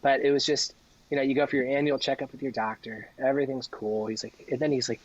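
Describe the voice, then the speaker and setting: A man's voice: medium pitch, flat delivery, quick pace, breathy edge, muffled recording. A man telling stories as a podcast guest in an earnest, rambling way, often acting out what other people said. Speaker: interview guest. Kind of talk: casual conversational storytelling.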